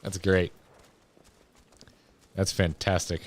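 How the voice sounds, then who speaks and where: A man's voice: deep voice, little pitch movement, takes it slowly. A man streaming a video game, joking and muttering casual commentary. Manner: joking, mumbling asides, laughs often. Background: faint game music.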